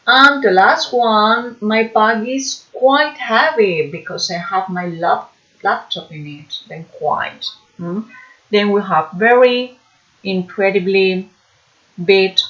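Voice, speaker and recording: A woman teaching an English lesson, slow and patient, often checking understanding with a questioning "hmm?". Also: medium pitch. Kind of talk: online class lesson. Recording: dull lo-fi recording.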